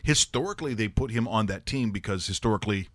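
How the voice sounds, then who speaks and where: A man's voice: fairly low pitch, fast, no echo. A man hosting a sports talk show, telling rambling jokey stories in casual banter. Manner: rambling, joking, animated storytelling.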